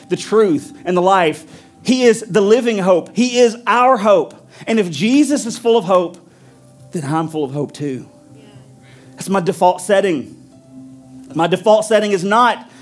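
A pastor preaching a sermon with an emphatic, repetitive cadence, then leading a prayer. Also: male voice, sits high, a little mellow.

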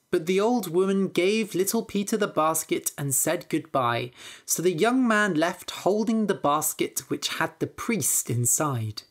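A woman narrating a fairytale slowly and clearly for English learners. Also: lowish voice. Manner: slow and expressive. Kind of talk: slow, clear storybook narration.

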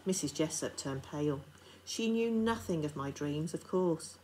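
A woman, a teacher, reading a children's novel aloud to her class in a steady, expressive narration. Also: low-pitched, measured pace, a little hiss or hum, poor audio.

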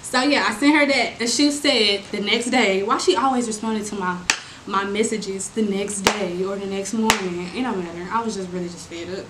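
A young woman rants through a storytime, exasperated and animated, calling out to her viewers in slangy casual talk. Her voice sits at an ordinary pitch for a woman. It carries a roomy echo with steady noise in the background. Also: moderate pace. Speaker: vlogger telling a storytime.

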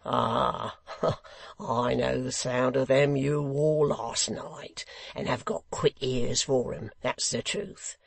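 A man voicing a shabby, wheedling hangman, drawn out and loud. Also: mid-range voice, fairly even intonation, gravelly, dry recording, full character voice. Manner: ingratiating, conciliatory, louder and slower.

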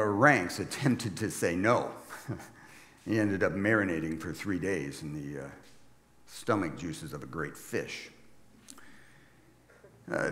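Man as burdened old prophet, deep voice, grave and wry, long church-hall reverb. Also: fairly bright tone, full character voice. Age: 70s. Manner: grave, reflective monologue with wry asides. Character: aged male prophet, weary and burdened. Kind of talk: dramatic first-person sermon monologue.

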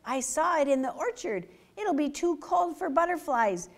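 A woman voicing an excitable young male fox in a storybook read-aloud, exclaiming urgently and breathlessly. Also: sits high, moderate pace, pitched above the performer's own voice. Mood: alarmed, urgent.

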